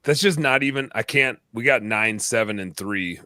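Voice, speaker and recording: A man in his thirties from Wisconsin, hosting a podcast in a rambling, animated chat. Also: medium pitch, normal speed, no room sound, studio quality. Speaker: podcast host. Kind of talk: casual chat.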